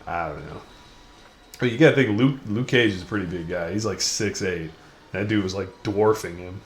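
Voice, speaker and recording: A man's voice: deep voice, moderate pace, soft background music. A young man hosting a gaming video, rambling through crude, self-mocking commentary while he plays. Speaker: gaming channel host. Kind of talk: casual let's-play commentary. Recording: echoey room with faint noise.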